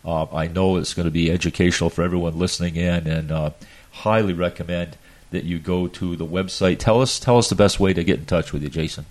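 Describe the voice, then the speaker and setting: A man's voice: low voice, fairly even intonation, a little fast, a little mellow. A man hosting a radio show, upbeat and full of praise as he wraps up an interview.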